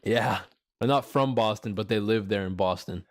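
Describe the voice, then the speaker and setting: A man's voice: lowish voice, slight background noise. A young man from California with a Californian accent, chatting casually with friends, rambling and swearing. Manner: rambling, swearing, drawn-out phrases. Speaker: friend in group chat. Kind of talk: casual chat.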